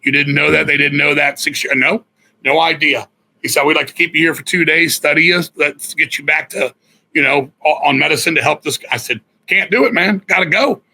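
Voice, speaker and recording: Blunt, bright-voiced middle-aged man. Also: a little high, brisk, rough recording. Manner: blunt and profane, animated storytelling. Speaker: guest musician. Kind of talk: casual storytelling interview.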